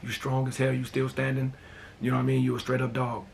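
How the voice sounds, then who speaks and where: A man with a gravelly, rough-edged voice hosts a casual talk show. He tells family stories in a laid-back, rambling way and keeps dropping "man" and "you know." His voice sits at a middle pitch. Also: completely flat delivery, fast, a little hiss or hum. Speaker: host. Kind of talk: casual personal storytelling.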